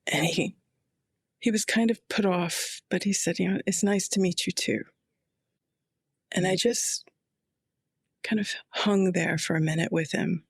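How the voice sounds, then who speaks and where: Brief: middle-aged woman chaplain, reflective storyteller, quiet intensity, very slow pace. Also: lowish voice, slightly rough, no room sound. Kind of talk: personal storytelling.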